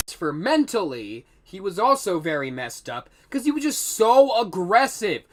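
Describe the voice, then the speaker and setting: A man's voice: high voice, very animated, a little slow, hardly any pauses. A young man telling a rambling, profane storytime vlog.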